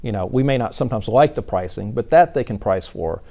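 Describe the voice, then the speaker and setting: A man's voice: lowish voice, lively intonation, a little fast, vocal fry, dark tone. A man, answering news interview questions earnestly and often restarting his sentences. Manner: earnest, repeats words when starting sentences. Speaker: insurance commissioner-elect.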